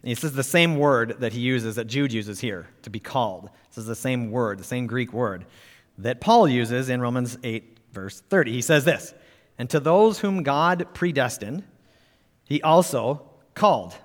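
Emphatic preacher in a reverberant hall. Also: male voice, medium pitch, moderate pace. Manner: emphatic, rising on key words, rhetorical questions. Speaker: pastor. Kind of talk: sermon.

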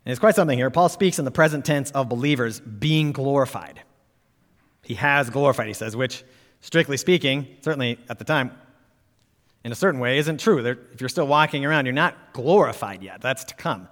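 A man's voice: medium pitch, fairly quick, a bit bright. A man preaching a sermon as pastor, emphatic and pushing up on key words, asking his listeners direct questions. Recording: reverberant hall.

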